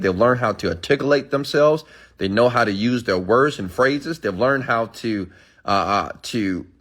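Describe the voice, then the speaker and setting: A man's voice: medium pitch, fairly bright tone. A man ranting emphatically on a live stream, answering chat comments and preaching to his followers with repeated "okay?"s.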